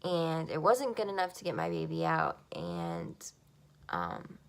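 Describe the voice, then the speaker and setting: A woman's voice: low voice, huge pitch swings, unhurried. A young woman telling a personal story to the camera, emotional, with a lot of "like" and "um". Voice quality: gravelly creak. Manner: emotional, frequent "like" and "um" fillers. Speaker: vlogger.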